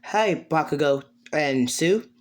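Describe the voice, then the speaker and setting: A man's voice: fairly high pitch, expressive, takes it slowly. A man voicing a sensible, bossy young woman who scolds her friends. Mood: exasperated.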